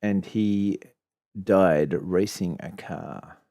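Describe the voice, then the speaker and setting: Slow, low-voiced Australian man. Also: vocal fry, warm tone, no echo, studio quality. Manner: laid-back, rambling. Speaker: podcast co-host. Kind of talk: casual chat.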